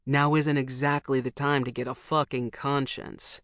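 A woman reads a cocky young man who mocks and curses, his voice pitched low. He comes across as sneering and crude in this storybook scene, set against a dry, close recording. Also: little pitch movement, normal speed, fairly bright tone, dry recording. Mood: mocking. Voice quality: sneering, cursing.

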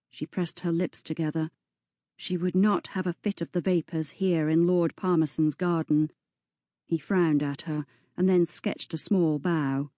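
A woman reading a story aloud as narrator, in a slow, even storytelling manner. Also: sits low, no room sound, studio quality. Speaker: audiobook narrator. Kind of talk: scripted narration.

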